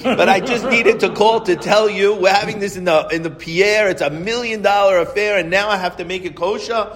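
A man's voice: fairly quick, crowd noise, lightly acted. A man doing an irate rich father. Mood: wry. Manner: loud, pitched-up, complaining. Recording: echoey hall, faint noise.

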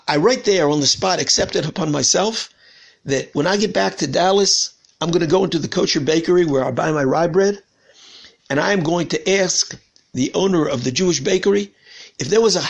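A man voicing a sincere Texan donor while retelling a story in a lesson, plain and earnest, in his own gravelly voice. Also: a little high, moderate pace. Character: sincere Texan man Lenny, middle-aged, humble donor.

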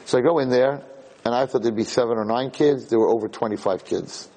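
A man giving a sermon as a rabbi, telling a story in a lively way that builds to emphatic points. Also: mid-range voice, fairly quick, low-quality recording. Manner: animated storytelling, rising to emphatic peaks.

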